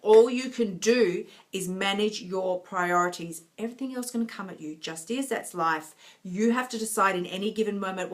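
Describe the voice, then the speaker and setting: A woman's voice: mid-range voice, normal speed, fairly bright tone. Chatty woman live-streaming. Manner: laughs often, chatty and encouraging. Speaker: online health coach. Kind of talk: casual live stream chat with viewers.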